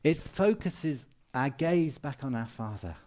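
A man's voice: medium pitch, animated, a little slow, a little mellow. A man preaching a sermon in an earnest, encouraging way, repeating phrases for emphasis. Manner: mimics people for humor with raised voice.

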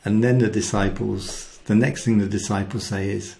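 A man giving a devotional talk, telling the story with animated acted-out quotes and dropping to a soft hushed voice for key lines. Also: lowish voice, moderate pace, creaky. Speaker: Christian speaker.

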